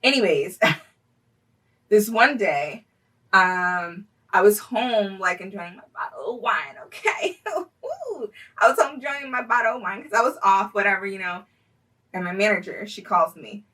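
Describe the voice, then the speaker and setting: A young woman telling a personal story in casual vlog style, chatty, full of fillers and quick to laugh. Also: medium pitch, lively intonation, a bit bright, recorded from a distance, poor audio.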